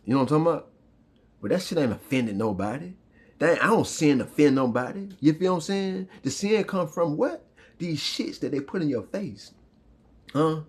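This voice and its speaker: Husky-voiced man preaching with profane fervor. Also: fairly high pitch, a little mellow. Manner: swearing, rhythmic, repeats "huh?" and "you feel me?". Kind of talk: impassioned street preaching monologue.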